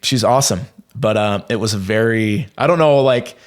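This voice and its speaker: A man in his thirties telling a long personal story as a podcast guest, rambling and animated, with many fillers and restarts. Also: on the low side, normal speed. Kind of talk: casual storytelling.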